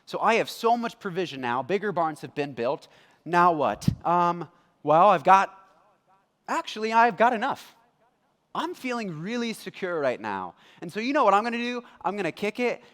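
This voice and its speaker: A smug, carefree rich farmer boasting loudly and brightly about his full barns, as a preacher puts him on. His voice rises high and rings with a long echo through a church hall. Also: moderate pace. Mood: boastful. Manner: boastful, loud and lively.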